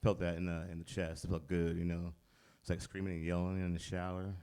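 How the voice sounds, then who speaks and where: A man's voice: deep voice, completely flat delivery, fairly quick, dark tone, clean tone. A man doing stand-up comedy on a club stage, laid-back and provoking the crowd. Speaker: stand-up comic.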